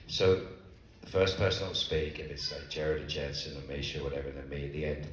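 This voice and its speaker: A man's voice: a bass voice, steady tone, a little fast, fairly bright tone, distant mic. An older man bantering and teasing on a convention panel, mimicking voices. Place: large convention hall. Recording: echoey hall miked from afar, noisy.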